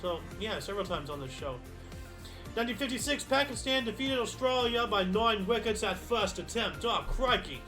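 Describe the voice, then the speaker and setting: A man's voice: high voice, lively intonation, normal speed, pushed and bright. A man hosting a casual history stream, reading dates aloud and then musing to himself in loose, rambling asides. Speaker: history show host. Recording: faint background music.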